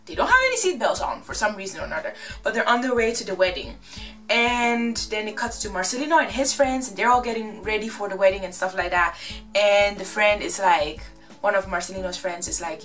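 A woman recapping a reality show in a casual, gossipy, animated way. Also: medium pitch, distant mic. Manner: gossipy, animated, acts out quotes.

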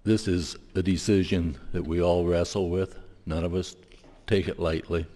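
Deep voiced guy senator talking slow and steady, echoey chamber. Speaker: state senator. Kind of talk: legislative floor speech. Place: legislative chamber. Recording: long hall reverb.

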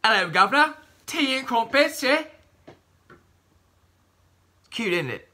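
A man putting on the voice of a pompous, posh English gentleman, high and loud. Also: sing-song, moderate pace, exaggerated voice. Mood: mock posh.

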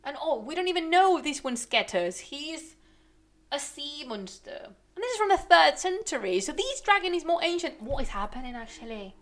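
This young woman speaks English as a second language and talks with a slightly high voice. She rants on a live stream, animated and exasperated, thinking out loud as she goes. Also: measured pace. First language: not English. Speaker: streamer and researcher. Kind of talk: casual ranting stream commentary.

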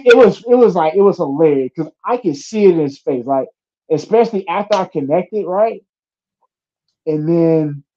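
A man's voice: a little high, highs cut off. A young adult man, a fighter, chatting casually in an interview and telling stories with acted-out quotes and plenty of swearing. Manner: animated storytelling, acts out quotes, swears freely. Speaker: UFC fighter.

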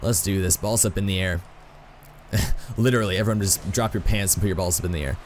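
Brief: male gaming YouTuber, lowish voice, excitable and self-deprecating, with light background hiss. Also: a little fast. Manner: excitable, self-mocking, full of exclamations. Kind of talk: live gameplay commentary.

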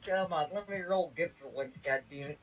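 A man's voice: on the high side, moderate pace, highs cut off, a little hiss or hum. A man playing a tabletop game who talks bluntly and swears often. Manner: profane, frustrated, blunt.

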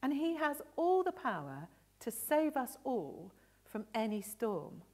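Lady doing an excited fisherman guy, breathless, voice jumping around a lot. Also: a little high, takes it slowly, heavily acted. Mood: awed. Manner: breathless, animated retelling. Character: excited adult male fisherman apostle. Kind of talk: all-age church story role-play.

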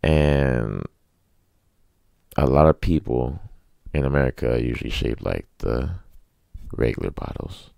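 A man's voice: a bass voice, lively intonation, a little slow, vocal fry, long pauses, mellow, no echo, clean studio sound. A man hosting a solo podcast, rambling through crude, joking, self-mocking rants. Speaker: podcast host.

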